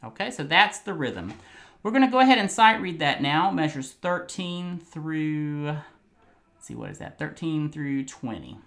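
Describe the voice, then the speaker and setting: A man's voice: a little high, huge pitch swings, unhurried, creaky, fairly bright tone. A man teaching a piano lesson, patiently explaining rhythm and counting beats aloud while he plays. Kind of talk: music lesson. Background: faint piano playing.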